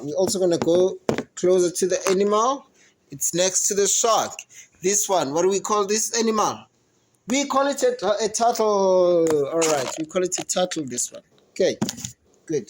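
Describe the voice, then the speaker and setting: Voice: medium pitch, low-quality recording. An English teacher giving an online lesson to young children, patiently repeating words, spelling them letter by letter and praising the learners. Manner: encouraging, asks questions and praises.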